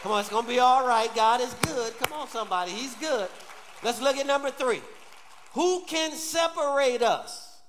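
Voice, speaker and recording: A male pastor delivers a sermon in a high-pitched voice, pressing the congregation to respond aloud. His voice rings through a church with a long, lingering reverb. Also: moderate pace, a bit bright, a faint crowd, slight background noise. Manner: call-and-response preaching, urging the congregation. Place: church sanctuary.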